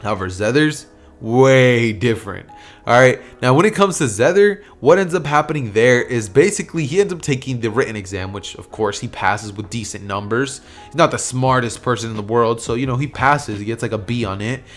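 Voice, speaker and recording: A man's voice: mid-range voice, a little fast. A man narrating an anime fan story in a casual, rambling way with plenty of fillers. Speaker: YouTube storyteller. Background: soft music.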